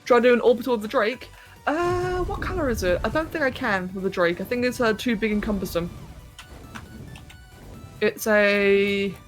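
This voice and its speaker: Chatty woman streamer, bright voice. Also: fairly high pitch, lively intonation, fairly quick, soft background music. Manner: chatty, thinks aloud while playing and answers chat. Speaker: game streamer. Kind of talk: casual live-stream commentary.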